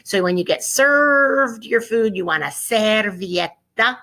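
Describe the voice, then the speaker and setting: A woman teacher talks her students through a vocabulary lesson in a lively, coaxing way, with a mid-range voice. She says each word twice and drills the forms. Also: mid-range voice, slow pace. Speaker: Spanish teacher.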